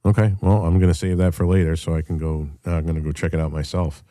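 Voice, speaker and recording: Man, host, casual call-in chat, low voice, swears freely. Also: level tone, quick pace, dark tone, no room sound, clean studio sound. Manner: blunt, profane storytelling. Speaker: show host.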